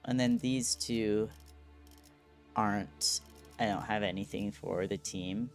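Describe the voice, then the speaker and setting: A man's voice: fairly low pitch, steady tone, slow. A man streaming a game and chatting casually, rambling and joking at his own expense. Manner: rambling, self-deprecating, laughs at himself. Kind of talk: casual gameplay commentary. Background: game music.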